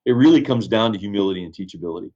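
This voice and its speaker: A man's voice: on the low side, animated, racing, mellow, muffled recording. A man, a pastor, telling stories in earnest, reflective conversation with many restarts. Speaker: pastor, guest. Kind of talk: casual conversation, storytelling.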